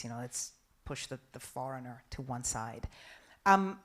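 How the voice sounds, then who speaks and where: A woman's voice: on the low side, fairly bright tone. Frank middle-aged woman from Denmark. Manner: frank, chatty, emphatic. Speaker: panel speaker. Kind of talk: festival panel answering audience questions.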